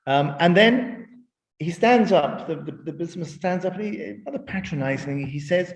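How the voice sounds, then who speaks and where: Man giving a measured lecture, echoey room. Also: on the high side, expressive. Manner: measured, explanatory, with frequent restarts. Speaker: speaker in a webinar. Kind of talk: lecture with storytelling.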